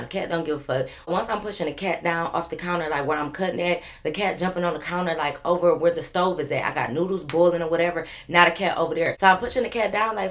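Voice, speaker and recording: A young woman in a casual storytime vlog, chatty and emphatic, swearing freely as she talks to her viewers. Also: low-pitched. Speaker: vlogger telling a story.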